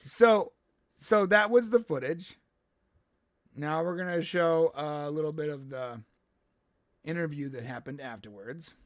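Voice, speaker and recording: A man's voice: a little high, unhurried, long pauses, dry recording, studio quality. A man co-hosting a live-streamed podcast, chatting casually and making fun of himself. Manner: joking, self-deprecating. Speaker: podcast co-host.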